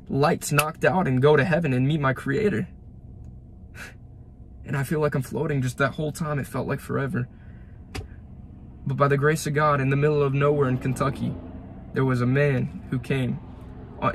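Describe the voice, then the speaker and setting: A man's voice: medium pitch, fairly bright tone, a little hiss or hum. A young man in his late teens gives an emotional spoken testimony, retelling events fervently with repeated phrases and restarts, outdoors by a roadside ditch. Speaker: young Christian giving a testimony.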